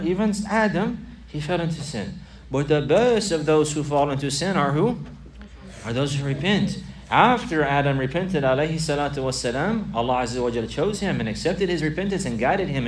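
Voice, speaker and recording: Male preacher, earnest and emphatic sermon delivery, slightly higher voice, heard from a distance. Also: a little hiss or hum.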